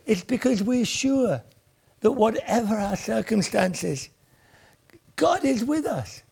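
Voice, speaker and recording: A man's voice: high-pitched, lively intonation, slow pace, vocal fry, a little mellow, slight background noise. A man preaching a sermon in an earnest voice that swells and then sinks almost to a whisper. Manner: earnest, rises and falls, drops to near whispers.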